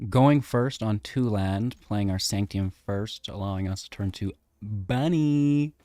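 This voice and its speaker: Lower-pitched man chatting through card gameplay. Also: darkish tone, no echo. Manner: upbeat, chatty, thinks aloud while playing. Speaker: gaming content creator. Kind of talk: card game deck guide and gameplay commentary.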